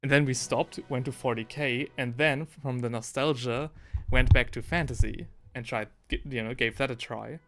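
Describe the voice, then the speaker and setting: A man's voice: medium pitch, fairly even intonation, normal speed. A man in the middle of his voice range, chatting casually on a live hobby stream. He rambles and often restarts mid-sentence, reading viewer messages aloud, with faint music playing underneath. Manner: rambling, self-correcting, reads chat aloud. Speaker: livestream host painting miniatures. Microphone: headphones with desk mic.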